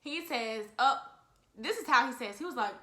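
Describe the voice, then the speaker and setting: A woman's voice: a little high, expressive, a little fast, fairly bright tone. A woman in her twenties telling a story casually and animatedly, talking straight to her viewers and often saying "y'all". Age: 20s. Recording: echoey room.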